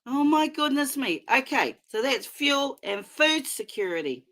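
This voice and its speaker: A middle-aged woman with a New Zealand accent hosts a casual livestream, talking into a computer mic in an impassioned, rambling way full of fillers and restarts. Her voice is high and fairly bright, with big pitch swings, and she's unhurried.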